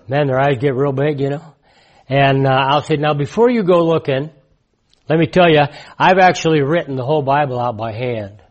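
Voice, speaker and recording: A man in his sixties preaching in a conversational, emphatic way, repeating his key points and swinging from loud to hushed. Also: a little high. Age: 60s. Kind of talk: conversational sermon testimony.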